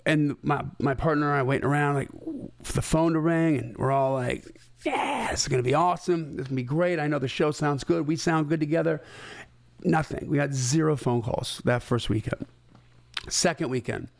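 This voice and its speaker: A middle-aged man telling a business story in a conversational, animated way, acting out the dialogue he quotes. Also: medium pitch, vocal fry, dry recording, studio quality. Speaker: host. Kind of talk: storytelling talk.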